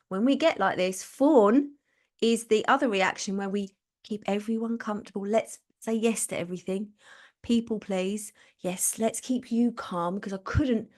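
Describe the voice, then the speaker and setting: A woman hosting a live stream. She gives casual motivational talk, chatting and laughing as she acts out quotes. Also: mid-range voice. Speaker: podcast host and business coach.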